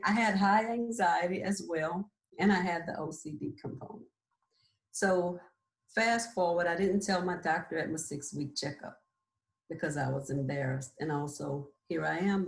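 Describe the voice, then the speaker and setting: Woman nurse practitioner, 40s, low voice, kinda echoey, says "right?" a lot. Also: gravelly. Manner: earnest, explains with frequent "right?" and "like". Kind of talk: candid personal storytelling. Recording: roomy echo.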